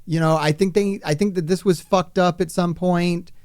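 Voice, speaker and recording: A man hosting a live game stream, talking to his chat in an excitable, profane, rambling way. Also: high-pitched, moderate pace, clean tone, no echo, studio quality. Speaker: gaming streamer.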